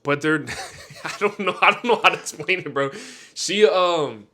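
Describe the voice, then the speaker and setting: Man, young adult, american, bright tone, casual podcast chat, animated, filler-heavy. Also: on the high side, normal speed, a little hiss or hum. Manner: animated storyteller, many fillers. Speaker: podcast co-host.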